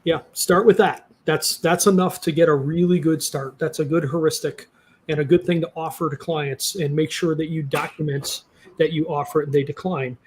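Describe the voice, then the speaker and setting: A man's voice: fairly high pitch, steady tone, moderate pace, a little hiss or hum. A man hosting a podcast, chatting loosely and upbeat with lots of fillers. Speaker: podcast host. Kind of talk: casual podcast chat.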